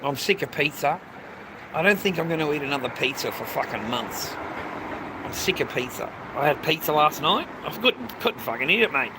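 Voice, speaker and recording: A slightly high-voiced Australian man rambling on a live stream, swearing casually and saying "mate" every few words. He is outdoors, and loud street traffic runs under his voice. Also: lively intonation, normal speed.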